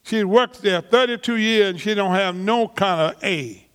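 Pastor, male, high voice, deliberate preaching pace, reverberant church sound. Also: clean tone. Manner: slow, emphatic preaching with drawn-out words and repetitions; colloquial vernacular grammar. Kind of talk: sermon.

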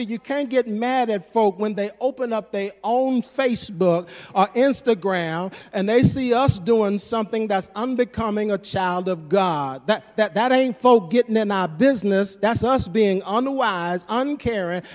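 A man's voice: high voice, measured pace, hardly any pauses, faint music behind. A man preaching a sermon as pastor, calling out to the congregation and building to fervent exhortation. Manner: call-and-response preaching, rising to fervent exhortation. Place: church sanctuary. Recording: long reverb of a church sanctuary.

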